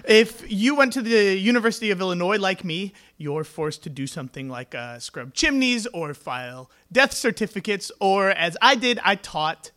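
Young guy, high tenor voice, wry self-mocking storyteller on stage. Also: animated, normal speed, few pauses, bright, forceful tone. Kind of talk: comedic live storytelling. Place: small stage venue before an audience.

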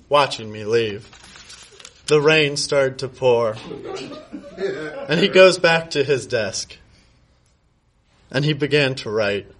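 A man reading his comic fan fiction aloud at a live storytelling show, in a slow, deliberate, deadpan way. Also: medium pitch. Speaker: guest storyteller. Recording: noisy live room with audience.

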